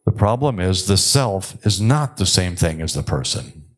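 Lecturing at a conference, this older psychiatrist speaks conversationally and with dry humor, dropping in plenty of filler pauses. His pitch is low but swings widely.

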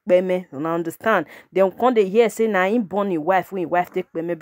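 A woman's voice: mid-range voice, dry recording, clean studio sound. A woman with a Nigerian Pidgin English accent hosting a celebrity gossip channel, chatting casually and calling out to her viewers again and again. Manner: chatty, repeatedly addressing her audience.

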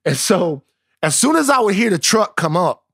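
Animated man with a lively voice. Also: sits high, moderate pace, gravelly, husky, dry recording, clean studio sound. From Louisiana, United States. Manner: animated, profane storytelling. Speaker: podcast co-host. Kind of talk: casual chat.

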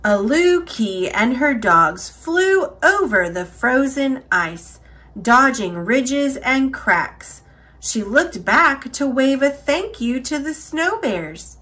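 A woman reading a children's picture book aloud, expressive and unhurried. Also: high voice. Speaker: storyteller.

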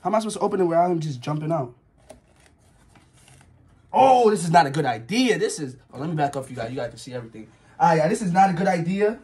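A man's voice: on the high side, big pitch swings, fast, a little mellow, slightly rough. A nervous young man vlogging casually, insisting he isn't scared and yelping now and then. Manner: jittery, keeps insisting he isn't scared, yelps.

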